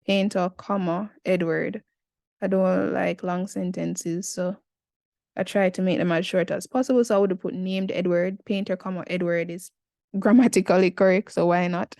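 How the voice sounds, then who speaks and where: A woman's voice: lowish voice, fairly even intonation, normal speed, vocal fry, mellow, no room sound, clean studio sound. A Jamaican woman in her twenties, talking through an essay in a casual, chatty tutorial with slangy asides. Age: 20s.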